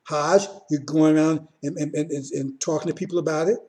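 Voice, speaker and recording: Dark-voiced man preaching, keeps asking "see?". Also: fairly high pitch, steady tone, fairly quick. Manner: repetitive, keeps asking "see?", restarts often. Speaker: religious teacher. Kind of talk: informal sermon.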